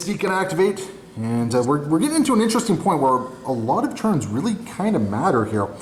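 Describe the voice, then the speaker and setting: A man with a slightly high voice talks through his turns of a miniatures game, cracking jokes at his own expense. The room is echoey, with a faint hiss under the talk. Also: big pitch swings, fast talker. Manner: self-deprecating, joking, narrates his moves aloud. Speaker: tabletop game player and channel host. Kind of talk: casual battle report commentary.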